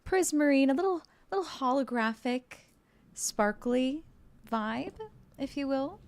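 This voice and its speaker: A woman game streamer chatting casually with her viewers while playing, bubbly and excitable, playful and joking. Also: sits high, slow pace, pauses often. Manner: bubbly and excitable, with gasps and giggles; playful, jokes and role-plays as a mermaid.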